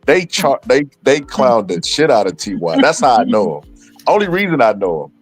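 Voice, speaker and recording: A man co-hosting a casual livestream chat, retelling a story with animated quotes. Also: mid-range voice, fairly quick, soft background music.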